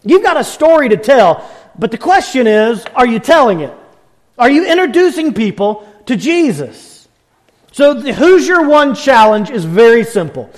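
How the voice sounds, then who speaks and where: Male preacher, high voice, animated delivery shifting loud to hushed, folksy tone. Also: moderate pace. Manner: folksy storytelling. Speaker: pastor. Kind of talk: sermon.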